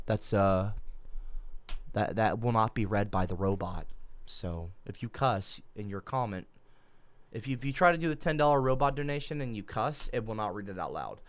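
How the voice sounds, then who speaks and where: A man ranting at his livestream chat in a sarcastic, foul-mouthed way. His pitch swings widely as he talks, and he keeps stumbling over his words and restarting his sentences. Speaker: livestream host. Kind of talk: mocking comedic livestream rant.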